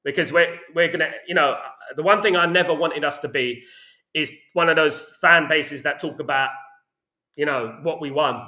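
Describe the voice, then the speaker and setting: Animated football fan host, echoey room. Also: male voice, a little high, normal speed. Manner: animated, ranting, repeats "you know what I mean". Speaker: podcast host reading chat comments. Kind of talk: casual fan chat.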